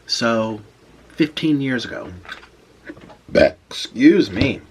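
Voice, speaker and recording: A man in his twenties telling a casual story on camera while he eats, pausing to savour his food. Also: mid-range voice, slight background noise. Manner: animated storyteller, pauses to eat and savour food. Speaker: mukbang vlogger.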